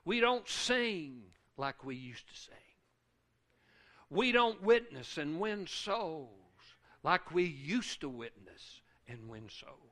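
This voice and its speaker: A man preaching a sermon, emotional and repetitive, swinging from hushed lines to loud ones. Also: on the high side, big pitch swings, takes it slowly. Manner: repetitive rhythmic phrasing.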